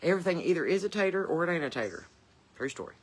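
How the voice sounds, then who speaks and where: A woman's voice: lowish voice, animated, rapid-fire, husky. A woman with a Southern accent, hosting a podcast from her porch in blunt, folksy, profane chat, with chickens clucking nearby. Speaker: podcast host.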